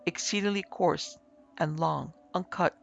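A man voicing a calm male ghost investigator in a measured, precise way in an audiobook reading. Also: fairly high pitch, gravelly, lo-fi sound, soft background music.

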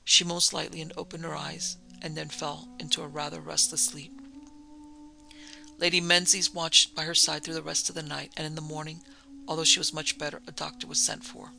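A man narrating an old-fashioned ghost story in a measured, dramatic way. His voice is strongly gravelly and sharply bright, pitched a little high for a man. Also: flat delivery, soft background music, poor audio. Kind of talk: storybook reading.

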